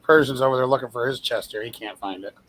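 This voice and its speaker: A man's voice: medium pitch, quick pace, fairly bright tone. A man chatting casually as a podcast host, rambling with many fillers and restarts and swearing freely. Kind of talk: casual chat.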